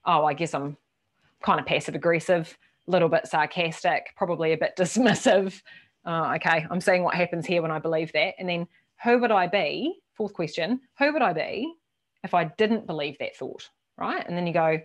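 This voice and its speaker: A woman's voice: lowish voice, normal speed. Aussie woman running a workshop, casual and a bit sweary, acts out little voices. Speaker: workshop presenter. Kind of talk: lively talk to a team.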